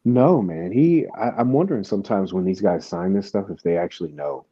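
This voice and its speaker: A man with a low, very dark and mellow voice tells a rambling convention story on his podcast, restarting his sentences as he goes. The sound is dry and a little dull, like a modest lo-fi studio setup. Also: lively intonation, brisk, husky, no echo. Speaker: podcast host. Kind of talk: casual chat.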